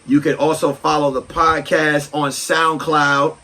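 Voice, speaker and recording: A man in his thirties hosting a solo comedy podcast, ranting loudly and animatedly and breaking into shouts. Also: on the high side, unhurried, far from the mic, low-quality recording. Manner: loud, animated, swings into shouting. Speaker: podcast host.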